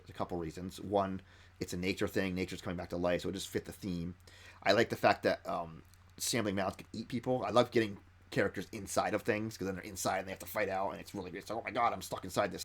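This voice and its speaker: A man who ran a tabletop game explains how he built an encounter, retelling it in an excited, stop-and-start way. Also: low-pitched, breathy edge. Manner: excited storytelling with frequent restarts. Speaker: game master.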